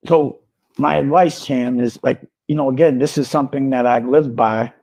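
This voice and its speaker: A man speaking calmly and deliberately, giving advice in a measured, lecturing tone. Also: mid-range voice. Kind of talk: measured spoken advice in a recorded clip.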